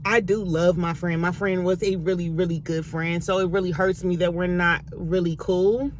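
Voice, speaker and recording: A woman's voice: normal speed, a little hiss or hum. Candid young woman vlogging from a car. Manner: candid, emotional, animated swings in pitch. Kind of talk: casual chit-chat to camera.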